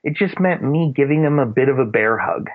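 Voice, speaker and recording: A man's voice: medium pitch, animated, a little fast. A man sharing earnest, rambling faith-based parenting advice in casual chat, with plenty of fillers. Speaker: Christian parenting guest. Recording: phone-like narrow radio sound.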